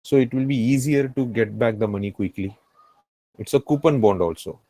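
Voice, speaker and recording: A man's voice: mid-range voice, moderate pace, dark tone, poor audio. A man with an Indian English accent teaching a finance class, repeating key phrases and often checking that the students follow. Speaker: finance tutor. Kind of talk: live classroom lecture.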